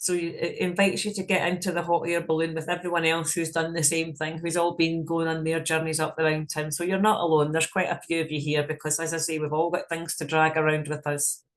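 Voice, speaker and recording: A woman's voice: deep voice, level tone, fairly quick, hardly any pauses. A woman leading a guided visualization in a frank, casual way, swearing freely as she talks. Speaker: meditation guide.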